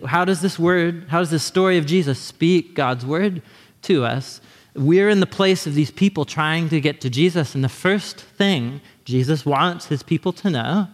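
A man preaching a sermon as pastor, in an animated, conversational way, sometimes acting out quick voices. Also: fairly high pitch, big-room sound.

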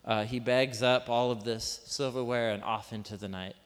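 Casual preacher in a reverberant hall. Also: male voice, medium pitch, steady tone, normal speed. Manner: conversational, informal, full of asides and rhetorical questions; self-deprecating jokes. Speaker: pastor. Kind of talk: sermon. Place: large room with a live congregation. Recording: long reverb of a large hall.

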